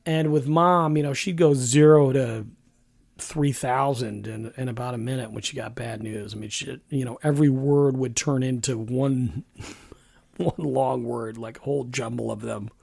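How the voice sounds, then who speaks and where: A middle-aged man hosts a podcast, telling a personal story frankly and often restarting his sentences. His voice has a gravelly edge. The recording is dry and close, with no room sound. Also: mid-range voice, fairly even intonation, normal speed, darkish tone, no echo. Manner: frank and conversational, with many restarts. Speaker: podcast host.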